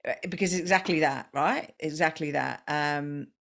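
A woman's voice: sits low, moderate pace, creaky. A woman hosting a podcast, chatting casually with lots of ums and self-deprecating asides. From Australia. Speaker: podcast host. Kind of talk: casual interview chat.

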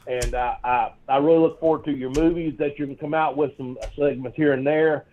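A man with a slightly high voice tells a rambling, swear-filled story, laughing as he goes. The audio sounds dull and lo-fi. He talks casually, like a guest on a chat show. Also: steady tone, brisk. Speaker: guest, former pro wrestler.

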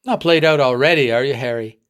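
A man's voice: medium pitch, brisk, fairly bright tone, smooth, lightly acted. Man reading a superintendent, firm, reassuring, calling out over a storm. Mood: urging. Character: steady, encouraging adult male superintendent and guide.

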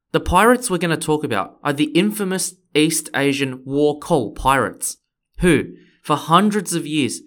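A man's voice: a little high, a bit bright. A man, hosting a history podcast in friendly, explanatory scripted narration. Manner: friendly, explanatory, occasionally playful. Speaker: podcast host.

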